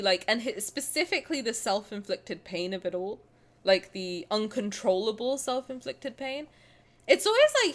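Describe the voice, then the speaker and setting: A woman in her twenties, chatting casually on a stream, rambling with restarts and laughter. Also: fairly high pitch. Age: 20s. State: out of breath. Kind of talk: casual stream chat reading comments.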